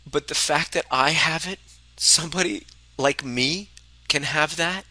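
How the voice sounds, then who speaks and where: A man's voice: fairly high pitch, unhurried, pushed and bright, dry recording, low-quality recording. A man coaching a live group on relationships, speaking emphatically and bluntly, swearing freely and repeating phrases for emphasis. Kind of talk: motivational talk to a live group.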